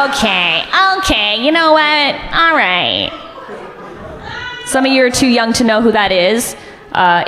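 Young woman doing stand-up in a hall. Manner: deadpan one-liners, jumps high to act out others. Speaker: stand-up comedian. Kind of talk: stand-up comedy set. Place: comedy club stage.

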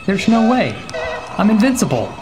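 A young gaming YouTuber with a high voice and big pitch swings casually comments at a moderate pace while playing a horror game, with loud music behind him. He jokes with the game and his viewers, dropping to a whisper when he gets scared.

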